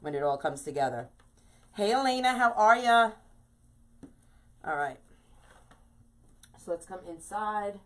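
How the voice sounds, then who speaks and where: A woman's voice: medium pitch, expressive, a little slow, long pauses. Bubbly woman hosting a live craft stream. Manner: bubbly and chatty, greeting viewers by name. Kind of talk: casual live-stream chat.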